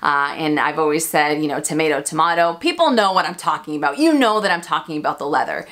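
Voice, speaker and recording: She talks fast and very animatedly, her low voice carrying a fairly bright tone. An American luxury handbag YouTuber, she hosts a chatty Q&A vlog full of laughter and self-deprecating jokes.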